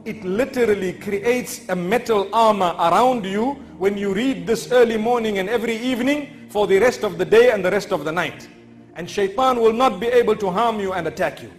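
High-voiced male preacher, emphatic. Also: normal speed. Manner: emphatic, repeats key phrases. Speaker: Islamic preacher. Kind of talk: sermon with humorous storytelling. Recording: echoey lecture hall.

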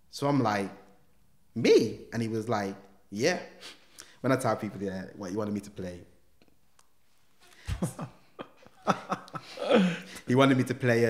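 A man with a medium-pitched voice, heard with noticeable reverb, is a guest in a casual interview. A former gang member turned motivational speaker, he tells his story animatedly in street slang, acting out the quoted dialogue.

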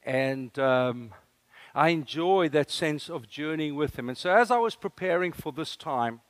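A man's voice: on the high side, lively intonation, unhurried, no room sound. A man in his fifties with a South African accent, preaching a sermon as a guest speaker in an earnest, storytelling way. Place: church service.

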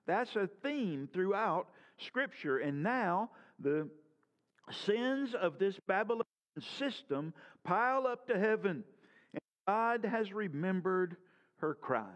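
A man's voice: sits high, expressive, slow pace. A man preaching a sermon as pastor, earnest and full of rhetorical questions, his voice rising and falling.

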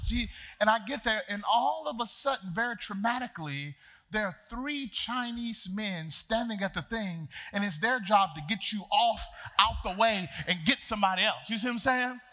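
Animated, bright-voiced pastor preaching. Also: male voice, high-pitched, normal speed. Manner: animated, shouts and laughs while acting out the story; casual colloquial address to the congregation. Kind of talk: storytelling sermon.

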